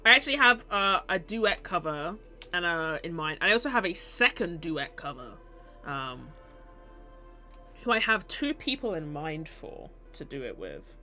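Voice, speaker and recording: A woman chatting casually on a stream, rambling and laughing at herself. Her voice is bright and her pitch swings a lot. Soft music plays faintly behind her. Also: very animated, measured pace. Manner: rambling and self-mocking, often laughing.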